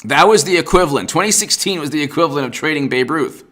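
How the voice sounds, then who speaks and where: A man's voice: a little high, expressive, fast, pushed and bright. A man hosting a political livestream, ranting with sarcasm and exasperation and greeting viewers in the chat by name. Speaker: political commentary host.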